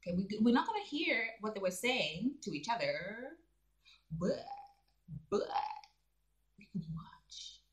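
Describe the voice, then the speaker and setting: A woman chatting casually in gossip commentary, acting out the quoted people with big jumps in pitch. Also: sing-song, a little slow, long pauses. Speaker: vlogger.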